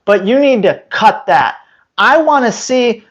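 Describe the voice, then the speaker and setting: A man's voice: very high voice, very animated, a little slow. A man giving blunt, emphatic dog-training advice straight to the viewer. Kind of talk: instructional talk to camera. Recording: slightly dull lo-fi sound.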